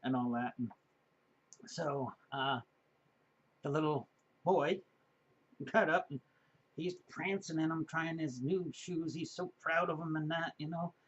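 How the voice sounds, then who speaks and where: Chatty fifties man, slightly high voice. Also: a little slow, long pauses, breathy edge, muffled recording. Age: 50s. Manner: chatty, rambling with frequent fillers and chuckles. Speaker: vlogger. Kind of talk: casual storytelling.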